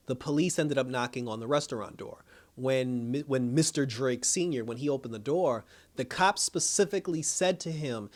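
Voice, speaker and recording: A man giving a casual, animated recap of a TV episode, acting out the characters' lines and laughing as he goes. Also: fairly high pitch. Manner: animated storytelling, acts out characters' lines, laughs while talking. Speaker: TV episode reviewer.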